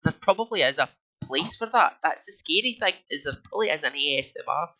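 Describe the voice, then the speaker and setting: Bright-voiced Scottish man rambling. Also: a little high, animated, fast talker, rough recording. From Scotland. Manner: rambling, hesitant, lots of fillers and restarts. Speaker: podcast co-host. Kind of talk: casual chat.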